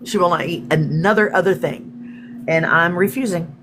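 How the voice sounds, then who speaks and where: This Texan woman hosts a spiritual livestream, chatting and rambling casually while greeting viewers by name. Her voice is on the low side and fairly bright, at a normal speed, with slight background noise.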